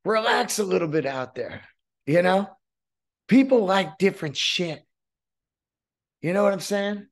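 Male comedian-host, solo podcast monologue, loose and profane, slightly high pitch. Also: animated, unhurried, pauses often.

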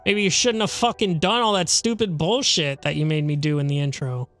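A man's voice: fairly high pitch, brisk, a bit bright, soft background music. A man hosting a let's play, giving sarcastic, profane running commentary on a horror game. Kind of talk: gaming commentary.

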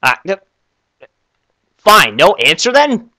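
Excitable young man with lively pitch. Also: takes it slowly, dry recording. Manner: excitable, stammering, easily flustered. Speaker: video creator. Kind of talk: comedic game skit.

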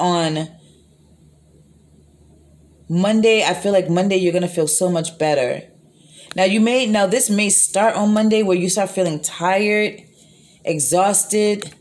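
A woman's voice: on the low side, darkish tone. Rambling woman giving a tarot reading. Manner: rambling, repeats herself, frequent fillers; profane, blunt. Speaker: tarot reader. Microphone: phone.

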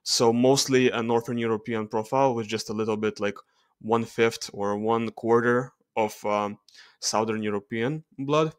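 A man with a Russian accent talks through charts in a halting voice-over. He keeps stopping on "uh" and fixing his own words. His voice sits in a middle pitch and sounds dry and close, with no room around it. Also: steady tone, clean tone, no echo. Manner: hesitant, frequent uh fillers and self-corrections. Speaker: genetics video creator.

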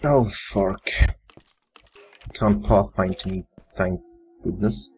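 A gamer mutters and swears casually as he commentates his own live gameplay. His voice is low, slow and a little mellow, with a faint computer fan whine and a slight hiss or hum in the recording.

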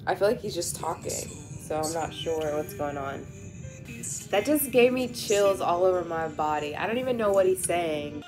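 A woman's voice: lowish voice, expressive, normal speed, over music. A woman reacting to a performance, emotional and talking straight to the singer. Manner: emotional, speaks to the singer directly. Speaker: music reactor. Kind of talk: reaction commentary.

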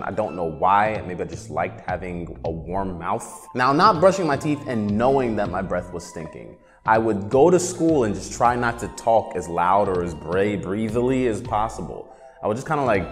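A young man in his twenties, hosting a comedic rant vlog in an animated, rambling way. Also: on the low side. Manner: animated, rambling, jumps into silly voices. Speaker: vlog host. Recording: reverberant room with faint music.

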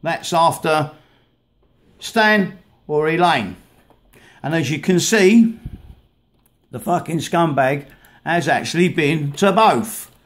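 A vlogger ranting angrily while playing clips of videos, swearing heavily and stumbling over repeated words. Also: male voice, fairly high pitch, expressive. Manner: swears heavily, halting and repetitive. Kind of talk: angry rant over played videos.

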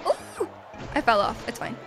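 A high-pitched woman streams a game live, cheering and laughing as she plays and reads out chat messages. Faint game music plays behind her voice. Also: moderate pace. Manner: excitable, reads chat aloud, laughs often.

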